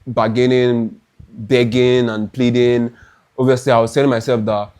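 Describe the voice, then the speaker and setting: Animated Nigerian man telling a haul story. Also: medium pitch, normal speed, clear, resonant tone. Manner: animated, dramatic, restarts often. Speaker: fashion vlogger. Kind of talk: chatty try-on haul storytelling.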